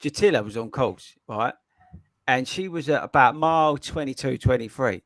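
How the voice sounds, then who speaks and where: A man hosting a running podcast, telling stories in a lively, laughing way. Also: medium pitch, normal speed, no echo, clean studio sound. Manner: animated, laughing storyteller. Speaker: podcast host. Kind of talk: casual chat.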